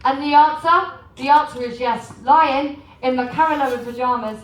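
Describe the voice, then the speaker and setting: A cruise port shopping presenter, an English woman, jokes and chats her way through a sales talk about shopping, often putting questions to the live audience in a large room aboard a cruise ship. Her voice sits high and moves at a moderate pace. The low-quality recording sounds roomy, with the mic placed far away.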